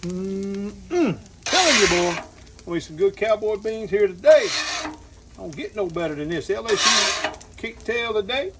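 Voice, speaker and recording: A man's voice: high-pitched, expressive, unhurried. A man hosting a casual outdoor cooking vlog, talking folksy to viewers as he cooks. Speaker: cooking channel host. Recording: sizzling griddle noise behind.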